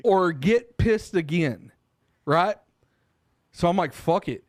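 A man co-hosting a podcast, telling a long story in casual, profane chat and getting loud and animated when worked up. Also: high-pitched, slow pace, no room sound, studio quality. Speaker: podcast co-host.

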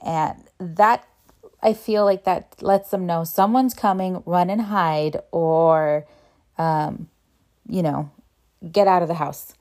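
Chatty woman realtor with a lowish voice. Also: takes it slowly, darkish tone. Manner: chatty and earnest, acts out the people she quotes. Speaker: real estate agent. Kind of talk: casual storytelling vlog.

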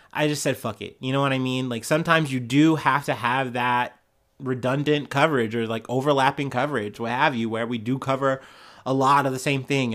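A man with a medium-pitched, fairly bright voice hosts a casual news podcast. He sounds congested and nasal from a cold, rambling loosely into a podcast microphone with fillers and restarts.

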